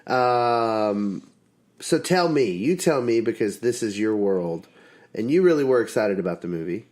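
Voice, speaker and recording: A middle-aged man hosting a podcast, chatting casually in a teasing, halting way full of fillers. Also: on the low side, lively intonation, a little mellow. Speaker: podcast host. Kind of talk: casual chat.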